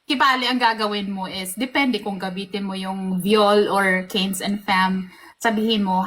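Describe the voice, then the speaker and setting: A woman's voice: medium pitch, fairly even intonation, normal speed, fairly bright tone, rough recording. A woman with a Filipino accent hosting a casual interview, chatty and reassuring as she switches between Tagalog and English.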